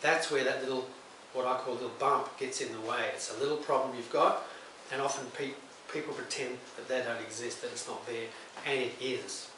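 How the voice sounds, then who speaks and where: A man's voice: mid-range voice, steady tone, fairly quick, pushed and bright, distant mic. A middle-aged male counsellor gives relationship advice straight to camera in a plain, conversational way, now and then acting out short exchanges. His voice sits in the middle range and carries a strong room echo. The mic is set back from him, and a faint hiss runs underneath. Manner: plain, conversational, acts out short example dialogues. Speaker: counsellor and psychotherapist. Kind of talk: direct-to-camera advice talk.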